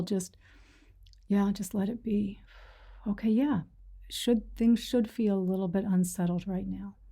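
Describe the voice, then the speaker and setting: A woman teaching a meditation group in a gentle, reassuring way, sometimes dropping to a whisper. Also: medium pitch. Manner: gentle, reassuring, soft-spoken; retells stories with quoted voices. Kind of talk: dharma talk to a sangha.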